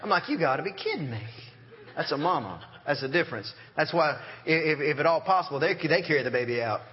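A man preaching a sermon, animated, with acted-out quotes and humor. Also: fairly high pitch, quick pace, muffled recording. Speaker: pastor.

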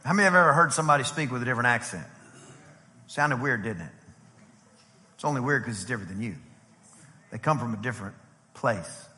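A middle-aged man preaching a sermon as pastor, lively and conversational, acting out quotes as he goes. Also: medium pitch, quick pace, pauses often. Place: church sanctuary. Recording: long hall reverb from a church.

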